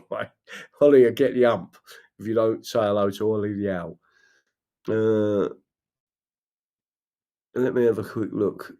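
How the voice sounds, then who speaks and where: A man's voice: on the low side, fairly even intonation, measured pace, long pauses, mellow. A man with a London accent hosting a casual livestream. He rambles, swears freely, laughs often and reads viewer comments aloud. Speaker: livestream host. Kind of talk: casual live-stream chat.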